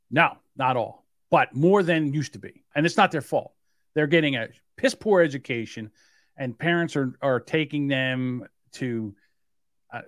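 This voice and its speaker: A middle-aged man co-hosting a casual podcast, telling stories in a lively way and acting out the people in them. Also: mid-range voice, no room sound, studio quality. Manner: animated storyteller, acts out voices and yelps. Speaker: podcast co-host.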